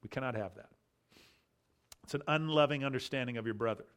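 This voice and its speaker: A man preaching an expository sermon, emphatic, with rhetorical questions and quiet asides. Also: medium pitch, fairly quick. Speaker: pastor.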